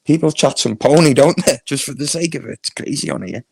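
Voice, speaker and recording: Gravelly-voiced Northern English man streaming. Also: fairly high pitch, a little fast, darkish tone, slight background noise. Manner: chatty, laughs often, reads chat aloud. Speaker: YouTube streamer. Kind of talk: casual live-stream chat.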